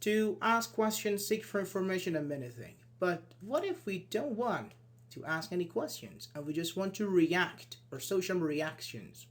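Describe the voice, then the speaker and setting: A man giving an online English grammar lesson, explaining step by step and acting out short sample dialogues. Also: normal speed. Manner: explains with many "for example"s and acted-out sample dialogues; lively, switches pitch when voicing example sentences. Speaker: English teacher.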